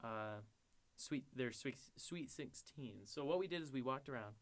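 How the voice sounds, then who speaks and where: A man's voice: medium pitch, lively intonation, normal speed. A young man co-hosting a podcast, telling crude stories in casual chat and laughing as he acts out the people in them. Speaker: podcast co-host.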